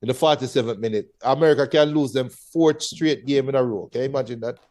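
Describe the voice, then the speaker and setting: A man's voice: medium pitch, fast talker, darkish tone. A man with a Jamaican accent co-hosting a casual sports chat, playful and boastful as he makes his predictions. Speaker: co-host.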